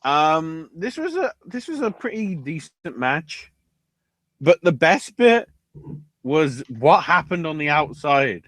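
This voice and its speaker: Animated man, swearing podcaster. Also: on the high side, slow, no echo. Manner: profane and animated, acting out quoted lines. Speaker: podcast co-host. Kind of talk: casual chat.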